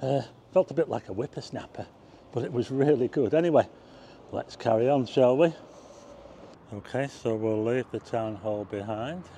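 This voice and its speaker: A man with a mid-range, mellow voice talks at normal speed over slight background noise. Walking outdoors through a town, this travel vlogger chats with his folks and calls out excitedly at the things he passes.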